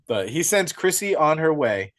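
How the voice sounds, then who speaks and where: A young man co-hosting a podcast, retelling a horror film in an excitable, profane, casual way. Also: fairly high pitch, moderate pace. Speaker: podcast co-host. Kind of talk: casual movie recap.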